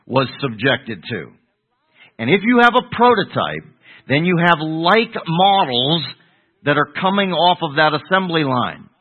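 A man's voice: fairly high pitch, breathy edge. An older man, a pastor, teaching a Bible sermon, putting questions to the congregation and answering them himself. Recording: tinny phone-like radio broadcast.

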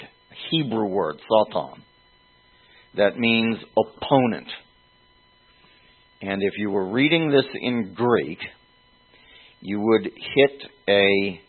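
Slow, husky-voiced male preacher. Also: on the low side. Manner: slow, deliberate teaching with pauses and fillers. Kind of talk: expository sermon. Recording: tinny phone-like sound.

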